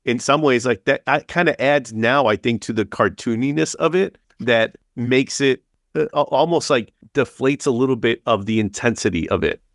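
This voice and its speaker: A man's voice: mid-range voice, normal speed, a bit bright, dry recording, clean studio sound. A man co-hosting a casual podcast chat, rambling with fillers and acting out little quotes. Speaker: podcast co-host.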